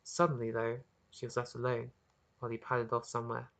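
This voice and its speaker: An author reading their own story aloud as narration, earnest and expressive, with occasional small restarts. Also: medium pitch, fast talker, vocal fry. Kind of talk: audiobook narration.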